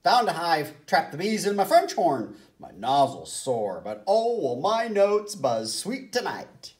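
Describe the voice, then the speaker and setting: A woman's voice: fairly low pitch, big pitch swings, a little slow, a little mellow, recorded from a distance. Chill honey bear, woman reading, storybook critter, laid back. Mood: content. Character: easygoing, honey-loving bear.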